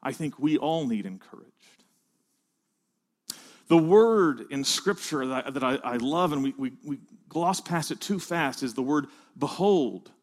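A man delivers a sermon to a room of pastors in a fairly high voice. He speaks slowly and deliberately, letting phrases land. He swells into loud, emphatic lines, then sinks to near-hushed asides. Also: lively intonation. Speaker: preacher.

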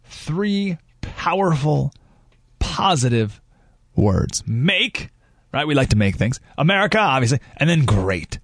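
A talk radio host, a man, delivers emphatic commentary and keeps asking punchy rhetorical questions. His voice sits a little high and swings widely in pitch. The sound is close and dry. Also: very animated, takes it slowly, dry recording.

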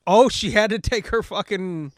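A man's voice: high voice, normal speed, dry recording, clean studio sound. A man co-hosting a casual movie commentary, joking, swearing and laughing often. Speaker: podcast co-host.

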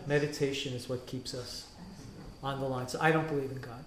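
A rabbi, a man, talking on a panel in an animated way and acting out the quotes he tells. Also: medium pitch, fairly quick, crowd noise. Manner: animated storytelling, acts out quotes. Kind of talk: panel discussion talk. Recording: roomy echo.

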